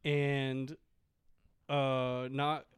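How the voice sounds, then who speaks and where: A man on a comedy podcast telling a story in a halting, deadpan way, full of fillers. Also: mid-range voice, smooth, no room sound, clean studio sound. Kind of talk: casual storytelling chat.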